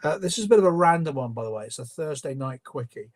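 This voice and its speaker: A man's voice: on the high side, expressive, fast. A man hosting a live stream, reading viewer questions and answering with opinionated, conversational commentary full of ums and restarts. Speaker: livestream host.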